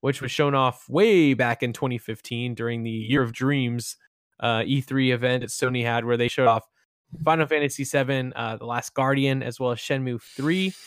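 A man's voice: medium pitch, fairly even intonation, normal speed, dry recording, studio quality. A man hosting a casual gaming podcast, laid-back and slangy. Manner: laid-back, slangy, says "bro" and "dude". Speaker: podcast host. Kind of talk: casual chat.

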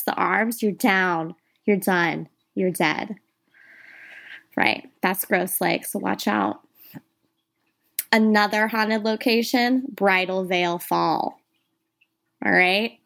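A woman in a casual podcast chat, running through spooky tales in a loose, talky way. Her voice sits at an everyday middle pitch. She often turns to address the listeners directly. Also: slow, creaky, a bit bright. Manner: chatty, addresses listeners as "you guys". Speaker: podcast co-host. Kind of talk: casual ghost-story chat.

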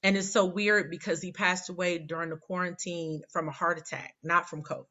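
A woman's voice: fairly low pitch, fairly even intonation, fairly quick, sharp tone, dull audio. A woman in her forties, a poet guest telling a rambling, candid, self-deprecating story in casual interview chat. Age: 40s.

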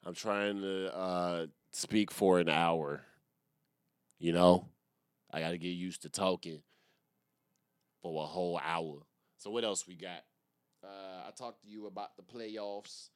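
Low-voiced rambling podcast comedian, a man. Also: steady tone, takes it slowly, pauses often, smooth, dry recording, clean studio sound. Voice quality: profane, rambling, slangy delivery. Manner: laughs at his own jokes. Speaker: podcast host and stand-up comedian. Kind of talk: casual solo podcast rant.

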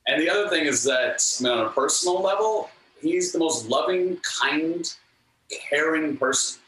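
A man telling earnest stories as a guest, acting out the lines of the people in them. His pitch moves a lot, and his tone is bright. The recording is echoey, picked up from a distance, with faint ambience behind him. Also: moderate pace. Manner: animated, earnest, acts out quotes. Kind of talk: storytelling anecdotes in an interview.

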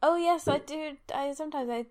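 A woman's voice: sits high, brisk, darkish tone. A woman co-hosting a podcast over a video call, playful and a little hesitant in casual chat. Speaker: podcast co-host.

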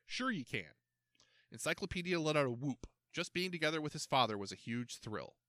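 A man narrating a storybook aloud with a lively, swooping delivery. His voice is bright and forward. The sound is dry and close to the mic, with no room echo. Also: a little high, quick pace. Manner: expressive, animated reading.

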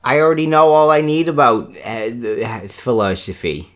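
A man's voice: medium pitch, expressive, a bit bright. A man co-hosting a podcast in casual chat, cracking puns and jokey asides. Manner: jokey, punning asides, slow drawl. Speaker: podcast co-host.

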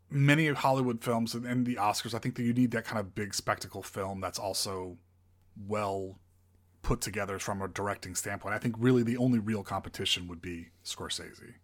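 A man co-hosting a film podcast, asking playful questions in a deadpan way. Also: fairly low pitch. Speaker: podcast co-host. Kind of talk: casual comedic film chat.

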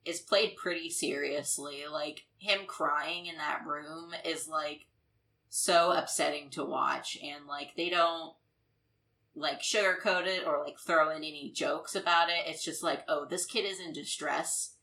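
A woman's voice: sits low, steady tone, a little slow, sharp tone, poor audio. A woman co-hosting a podcast, chatting casually about a film with lots of "like" and "uh" and frequent laughs. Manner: rambling, lots of "like" and "uh", laughs often. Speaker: podcast co-host.

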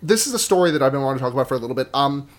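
A man's voice: mid-range voice, lively intonation, very fast. A man hosting a casual podcast, rambling and restarting his sentences with a joking tone. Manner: rambling, self-interrupting, jokey. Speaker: podcast host.

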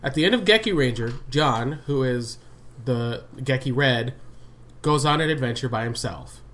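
A man in casual podcast chat, talking at a mid pitch with hiccups. He rambles and gets excited, now and then tossing in a curse. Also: moderate pace. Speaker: podcast co-host.

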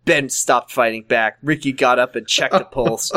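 A man's voice: medium pitch, fairly even intonation, moderate pace, bright, forceful tone. A man reading a fan story aloud for laughs, hamming up the lines and joking between them. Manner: jokey, over-the-top dramatic reading. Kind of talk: comedic dramatic reading with chat.

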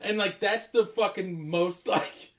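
Laughing, animated podcast host. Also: male voice, high-pitched, slow pace. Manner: animated, laughs often, swears, says "like" a lot. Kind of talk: casual chat.

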